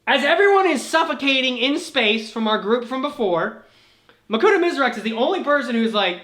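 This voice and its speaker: A woman hosting a casual chat, retelling a story in an animated way, laughing and swearing as she goes. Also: high voice, a little fast. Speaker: host. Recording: roomy echo.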